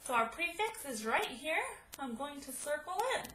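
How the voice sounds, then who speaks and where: A woman teaching a spelling lesson to children, speaking slowly and clearly and sounding out each syllable at a whiteboard. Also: high-pitched, animated, sharp tone. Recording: echoey room, faint noise.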